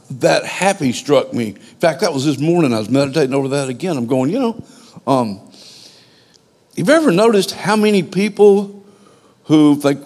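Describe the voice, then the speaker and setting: A man preaching an informal sermon, conversational and animated, with stammering restarts. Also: medium pitch. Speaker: pastor.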